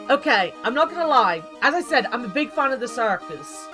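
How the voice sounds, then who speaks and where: A woman streamer chatting in a rambling, animated way as she plays. Her voice sits high and swings widely. Game music plays clearly underneath. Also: fairly quick, hardly any pauses. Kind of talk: casual game commentary.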